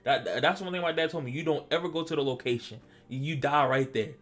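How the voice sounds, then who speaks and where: A man from Delaware telling a personal story in casual vlog style, animated and stammering, acting out what he said back then. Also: fairly high pitch, fast talker. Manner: animated, stammering, acts out his own past lines. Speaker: storytelling vlogger.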